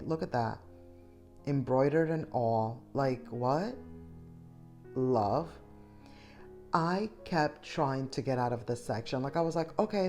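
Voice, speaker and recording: A woman's voice: low voice, a little mellow. A middle-aged woman chatting enthusiastically to viewers as she shops, talking to them directly. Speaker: shopping vlogger. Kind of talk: casual shop-with-me voice-over.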